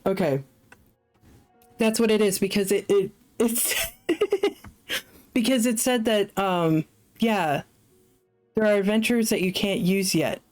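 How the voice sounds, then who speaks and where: A woman's voice: medium pitch, slow pace, long pauses, darkish tone, soft background music. A woman streaming a solo tabletop game, chatting casually and thinking aloud with lots of fillers. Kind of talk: casual live-stream chat.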